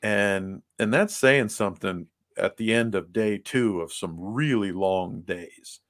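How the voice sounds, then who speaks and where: Podcast co-host, male, lowish voice, loose rambling storyteller. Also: slow pace. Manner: rambling storyteller, many fillers. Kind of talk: casual chat.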